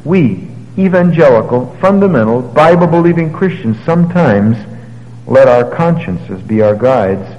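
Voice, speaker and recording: A man preaching a sermon, telling the story with lively paraphrases and moving between loud, emphatic passages and quiet, low ones. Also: dull audio, a little hiss or hum. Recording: long hall reverb.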